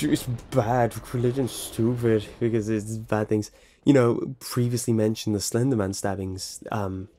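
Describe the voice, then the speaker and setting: A man's voice: on the low side, mellow. A young British man with precise enunciation, answering fan questions in a rambling, self-correcting, wry way. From Britain. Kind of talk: casual Q&A vlog.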